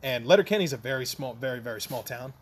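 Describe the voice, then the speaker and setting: A man's voice: mid-range voice, animated, quick pace, slightly rough. A man co-hosting a podcast in casual chat, explaining eagerly and repeating words as he goes. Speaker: podcast co-host.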